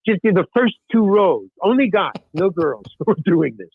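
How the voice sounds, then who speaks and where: An older man spins long anecdotes in an animated way, his voice rising and falling a lot and sitting fairly high for a man. The sound is thin and phone-like, with a dry, close feel. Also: moderate pace, slightly rough, no room sound. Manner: animated anecdote-telling, frequent restarts. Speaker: podcast guest. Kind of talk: storytelling in casual chat.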